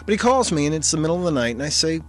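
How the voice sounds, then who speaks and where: A man's voice: a little high, very animated, very fast. A man telling a personal story in a wry, conversational manner with vivid detail.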